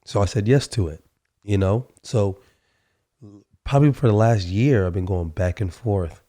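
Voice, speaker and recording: A man with a slightly hoarse voice from a sore throat, hosting a relaxed solo podcast and chatting with many fillers. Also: lowish voice, normal speed. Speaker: podcast host. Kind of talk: casual solo podcast talk.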